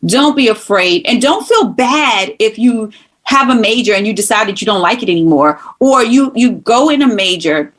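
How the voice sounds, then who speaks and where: A woman from Brooklyn, New York, with a New York accent, talking as a podcast guest in an emphatic, animated way and often acting out quoted voices. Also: a little high, normal speed. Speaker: guest, former college instructor. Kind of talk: casual interview chat.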